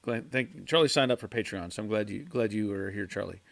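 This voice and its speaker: A man hosting a casual livestream from his garage, reading viewer chat and answering in a halting way, repeating words and chuckling often. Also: lowish voice, gravelly, a bit bright. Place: home garage.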